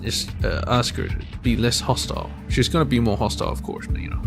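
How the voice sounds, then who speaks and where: A man's voice: mid-range voice, normal speed, gravelly, over music. A man casually commenting on a story game, reading dialogue aloud, joking and restarting his sentences. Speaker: gamer playing through a story game.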